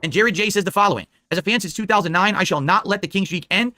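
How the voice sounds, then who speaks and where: Fast-talking guy hosting a politics stream, indignant and rambly, bright sharp voice. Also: sits high. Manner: indignant, rambling with many "all right?" asides. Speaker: live stream host.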